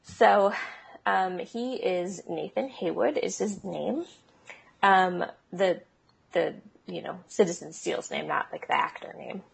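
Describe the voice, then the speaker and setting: A woman's voice: on the low side, slow pace, vocal fry, breathy edge. A woman co-hosting a podcast, explaining in a casual, chatty way with frequent ums and small laughs. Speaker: podcast co-host. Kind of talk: casual chat.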